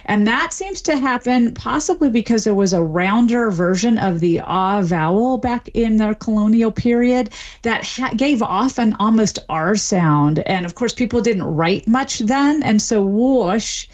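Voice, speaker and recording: A woman's voice: on the high side, unhurried. Articulate woman explaining speech and dialects. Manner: articulate, lively, explains with examples. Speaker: dialect expert guest. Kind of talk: explanatory interview answers.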